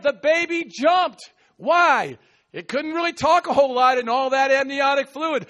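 A man preaching an animated sermon, acting out scripture quotes with sudden shouts and laughter. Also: very high-pitched, measured pace.

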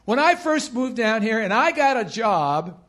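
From the pulpit, a pastor preaches a little slowly in a high, animated voice that swoops in pitch. He leads the congregation in call-and-response, repeating phrases and driving each point home by saying it over and over.

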